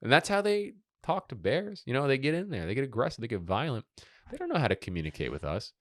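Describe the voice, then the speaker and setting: A man's voice: medium pitch, quick pace, no room sound, studio quality. A young man hosting a podcast, riffing crude jokes with lots of swearing and laughter. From Los Angeles. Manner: riffing, laughing, swearing, animated silly bits. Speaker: podcast host. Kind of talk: crude casual banter.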